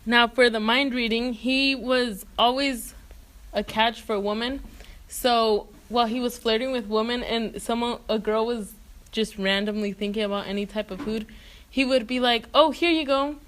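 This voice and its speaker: A woman's voice: fairly high pitch, fairly even intonation, normal speed, a bit bright. A woman casually narrating a comedic history retelling, full of silly jokes.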